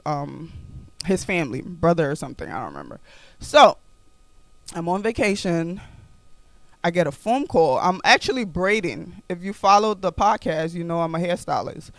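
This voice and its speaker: New woman podcasting, telling her story, lively and repeats stuff, dry close sound. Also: fairly low pitch, no room sound. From New York. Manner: animated, repeats phrases for emphasis. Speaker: podcast host.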